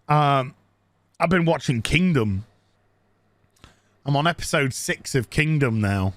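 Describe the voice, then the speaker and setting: A man's voice: medium pitch, lively intonation, moderate pace, pauses often, a bit bright, dry recording. A man giving a crude, sarcastic, mocking recap of a TV episode as a show reviewer.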